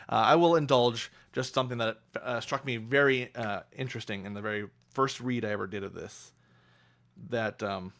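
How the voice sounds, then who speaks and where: A young adult man talking casually on a livestream about the book he is reading, pausing often with fillers and restarts. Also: medium pitch, gravelly, fairly bright tone. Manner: hesitant, many fillers and restarts. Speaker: streamer reading a book aloud.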